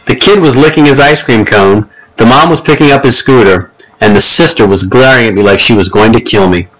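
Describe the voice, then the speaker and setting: A man's voice: mid-range voice, brisk, fairly bright tone, poor audio. A man reading a first-person audiobook story in a plain, conversational way. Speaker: audiobook narrator.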